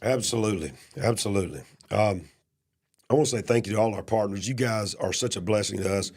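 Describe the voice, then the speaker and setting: A man hosting a talk show, with a cough and cough drops in his mouth, who builds to emphatic, shouted questions. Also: lowish voice, quick pace, breathy edge. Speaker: host. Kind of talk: casual political commentary.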